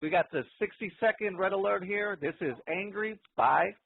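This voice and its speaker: High-voiced chatty man on a phone line. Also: normal speed, gravelly, heavy background noise. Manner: loose, chatty, rambling with fillers. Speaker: radio show host. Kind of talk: casual radio chat. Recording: tinny dry phone line.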